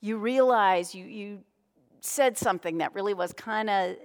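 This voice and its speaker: A woman's voice: medium pitch, normal speed. A middle-aged woman pastor giving a sermon in a conversational, self-deprecating storytelling manner. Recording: long reverb of a large hall.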